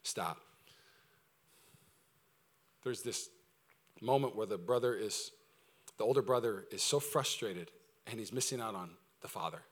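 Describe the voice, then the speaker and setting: A man preaching a sermon to his church, talking in an energetic, conversational way with humor, swinging between loud emphasis and quiet intensity. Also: fairly low pitch, unhurried, pauses often. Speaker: pastor. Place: church service before a congregation.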